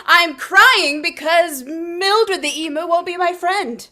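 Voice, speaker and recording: Woman, improv player, playful, giggly, very high voice, slow and lively. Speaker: improv performer. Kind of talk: improv scene play.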